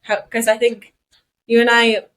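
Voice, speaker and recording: A woman's voice: a little high, monotone, measured pace, a bit bright, poor audio. A woman co-hosting a podcast in casual chat, thinking her ideas through aloud in a musing way. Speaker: podcast co-host.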